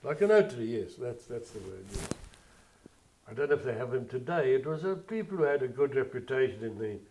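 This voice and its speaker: An older man from South Africa recalls his past in a plainspoken, rambling way. His voice is mellow and warm, at an ordinary pitch. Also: lively intonation, a little fast, slight background noise. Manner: plainspoken, digressive storytelling. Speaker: interviewee. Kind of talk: oral history interview.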